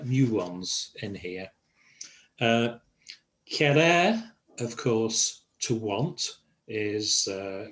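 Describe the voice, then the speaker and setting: An older man teaching a Spanish class over a video call, pausing often with fillers. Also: lowish voice. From England. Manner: halting, many fillers. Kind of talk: online language lesson.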